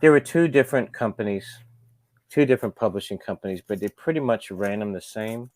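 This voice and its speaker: A man with a lowish voice telling stories in an easygoing, rambling way as an interview guest, filling the gaps with "like" and "you know." The sound is close and dry, with no room around it. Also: lively intonation, fairly quick, a little mellow, dry recording. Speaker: skateshop owner, interview guest. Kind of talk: casual storytelling in a sit-down interview.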